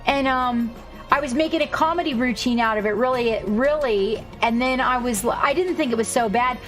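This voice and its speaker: Chatty woman from Hawaii, fairly high voice. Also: faint music behind. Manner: chatty, rambling, quick to swear and laugh. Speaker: streamer. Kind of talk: casual chat with stream viewers while painting.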